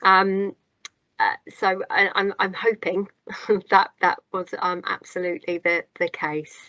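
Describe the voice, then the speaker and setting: A woman's voice: mid-range voice, fairly even intonation, a little slow, sharp tone, no room sound, dull audio. A woman hosting a panel discussion, speaking politely with many fillers. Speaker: panel host.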